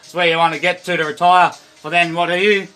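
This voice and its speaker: A man's voice: sits high, flat delivery, fairly quick, pushed and bright, soft background music. An Australian man livestreaming a rambling, profane, stream-of-consciousness monologue.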